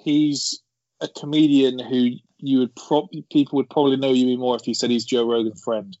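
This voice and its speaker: A man's voice: mid-range voice, flat delivery, normal speed, a little mellow, no echo, dull audio. A man co-hosting a casual film podcast, laughing as he quotes movie lines. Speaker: podcast co-host.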